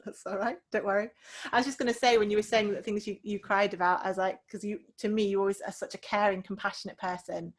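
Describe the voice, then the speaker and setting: A woman's voice: medium pitch, steady tone, fast. Encouraging woman on a podcast. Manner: warm, encouraging, reflective. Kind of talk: casual podcast conversation.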